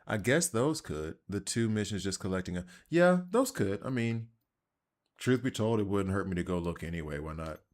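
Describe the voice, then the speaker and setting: Deep-voiced Southern man narrating gameplay. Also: expressive, normal speed. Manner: rambling, self-deprecating, chatty. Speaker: gaming channel host. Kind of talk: casual gameplay commentary.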